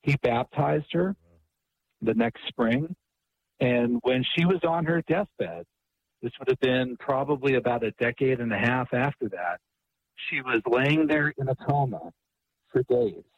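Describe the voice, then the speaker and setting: Husky man telling a story on radio. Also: medium pitch, unhurried, muffled recording. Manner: animated, repeats words often. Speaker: author and guest.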